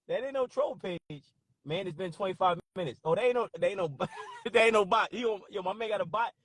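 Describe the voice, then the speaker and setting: High-voiced laughing New man. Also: husky, dry recording. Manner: laughing often, loud and profane, reacting to chat. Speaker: livestream host. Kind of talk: casual livestream chat.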